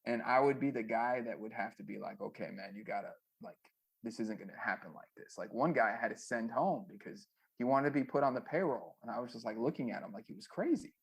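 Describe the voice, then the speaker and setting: Gravelly man telling rambling stories. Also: medium pitch, fast talker. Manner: rambling, animated anecdotes with many fillers. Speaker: guest, former music manager. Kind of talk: casual storytelling interview.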